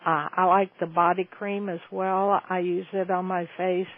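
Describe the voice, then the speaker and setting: A woman's voice: lowish voice, flat delivery, normal speed. A woman in her seventies hosts a call-in Q&A, talking in a chatty, folksy, enthusiastic way. Her voice comes through a tinny, phone-like line. The sound is dry, with no room echo. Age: 70s. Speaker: host answering listener questions. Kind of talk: call-in Q&A chat.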